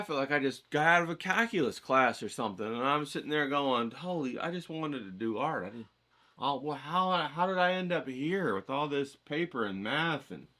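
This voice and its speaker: Upbeat, folksy male art instructor with a bright, forward voice; encouraging, conversational delivery. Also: mid-range voice. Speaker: art teacher. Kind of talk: casual painting lesson.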